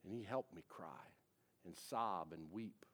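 A man's voice: deep voice, a little slow, a bit bright. A man in his forties, a pastor, preaching a sermon in a casual, conversational way, with frequent asides to the congregation.

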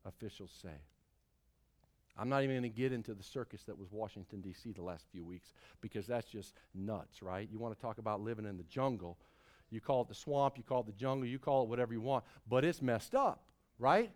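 A middle-aged man preaching a sermon as pastor, emphatic, swinging between loud calls and hushed lines. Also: medium pitch, expressive, moderate pace.

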